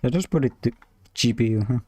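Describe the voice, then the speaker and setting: Speaking fast in a warm, mid-range voice with no room sound, a man streams himself coding. He thinks aloud in short half-sentences, swears when things break, and types throughout.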